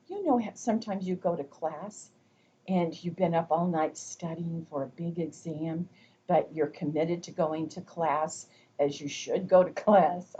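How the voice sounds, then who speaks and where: Woman, lecturer, fairly low voice, soft faint noise behind. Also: highs cut off. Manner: slow, deliberate explanations with demonstrated whispers. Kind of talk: recorded lecture.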